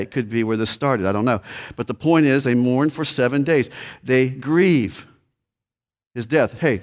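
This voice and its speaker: A man preaching a sermon in a conversational way, reading scripture and talking straight to the congregation. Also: mid-range voice. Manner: conversational preaching, addresses listeners directly. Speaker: pastor.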